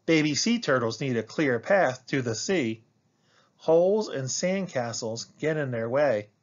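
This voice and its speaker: A man's voice: medium pitch, expressive, unhurried, highs cut off, lightly acted. A man reading the part of a young schoolgirl who eagerly explains sea turtles in a picture book.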